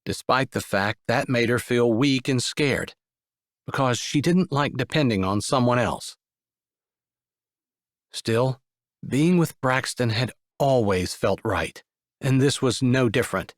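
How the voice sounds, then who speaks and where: A man reading a sweet romance audiobook aloud in an expressive narrating style. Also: medium pitch, takes it slowly, dry recording, studio quality. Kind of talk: scripted narration.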